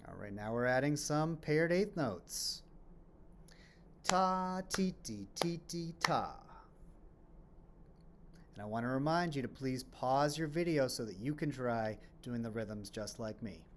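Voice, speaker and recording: A man's voice: mid-range voice, expressive, normal speed, few pauses, slight background noise. A man teaching a children's music lesson on rhythms, explaining patiently, asking questions and then answering them, and chanting rhythm syllables as he claps.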